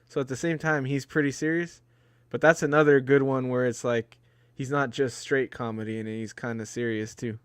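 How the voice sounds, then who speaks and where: A man's voice: medium pitch, steady tone, moderate pace, clean tone, no echo. Laid-back man in casual chat. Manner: laid-back, laughs often, mimics film lines. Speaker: co-host of a movie watch-along.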